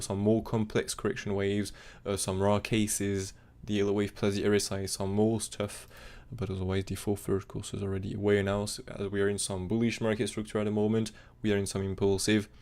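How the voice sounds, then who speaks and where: Fast-talking gravelly male crypto streamer. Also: on the low side, darkish tone. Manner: fast, rambling, non-native phrasing with fillers. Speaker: crypto chart analyst streamer. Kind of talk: live-stream technical analysis chat.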